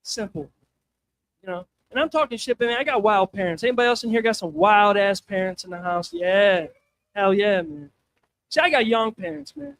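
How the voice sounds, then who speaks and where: A man's voice: very high-pitched, fairly bright tone, a little hiss or hum. A male stand-up comedian at an open mic night, rambling and crude, tossing in "man" constantly, on a handheld stage mic.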